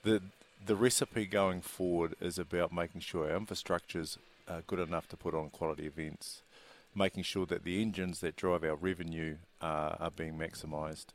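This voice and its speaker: A man, a racing industry chief executive giving measured, businesslike interview answers. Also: deep voice, fairly even intonation.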